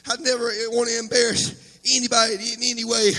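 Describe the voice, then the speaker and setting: A man preaching a Pentecostal sermon as pastor, shouting in a chanting cadence and punctuating his lines with amens. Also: very high voice, level tone, fairly quick. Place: church sanctuary. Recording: echoey church hall with music.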